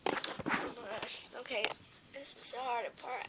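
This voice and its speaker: A woman's voice: a little high, fairly even intonation, moderate pace, background noise. A teenage girl tells a sad story to the camera, tearful and rambling with lots of fillers. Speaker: vlogger.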